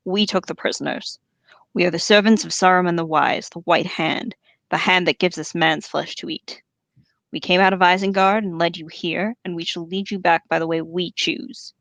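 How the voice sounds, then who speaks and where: A brutal orc captain, voiced by a woman reading a book aloud, speaks in a slow, commanding growl. His tone sits low and gravelly. The recording is close and dry. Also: fairly even intonation, a bit bright, no room sound. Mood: boastful.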